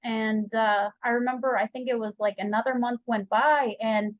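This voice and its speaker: A woman's voice: a little high, moderate pace, no echo, muffled recording. Chatty young woman telling her story. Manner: chatty, animated retelling with quoted dialogue. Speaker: podcast guest. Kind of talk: candid personal story.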